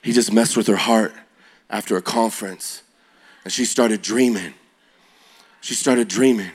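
A middle-aged man, a youth pastor, telling a story as he preaches, his delivery swinging from hushed lines to shouts. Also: lowish voice, unhurried, slightly rough. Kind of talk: energetic sermon storytelling.

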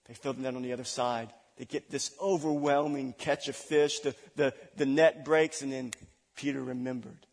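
A man preaching a sermon, dramatic, swinging between loud declarations and hushed asides. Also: mid-range voice, steady tone, normal speed. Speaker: pastor. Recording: long reverb of a large hall.

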